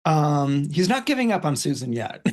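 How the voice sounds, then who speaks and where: A man's voice: fairly high pitch, sing-song, moderate pace, a little mellow. A man on a podcast casually retelling a film's story in a rambling way, with many fillers and restarts. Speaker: astrologer and podcast guest. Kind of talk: casual retelling of a film plot.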